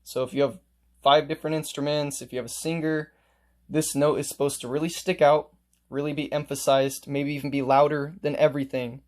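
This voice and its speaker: A man's voice: fairly high pitch, level tone, a little fast. A man teaching a casual music lesson, explaining note markings step by step and playing examples on his instrument.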